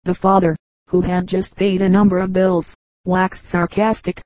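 A woman reading a collection of short humorous anecdotes aloud as scripted narration, with a steady, even delivery. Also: fairly low pitch, moderate pace, dry recording, rough recording. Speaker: audiobook reader.

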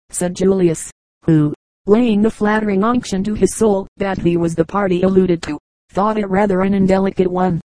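A woman narrating a classic novel as an audiobook reader, in a measured, even reading. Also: mid-range voice, no room sound, poor audio.

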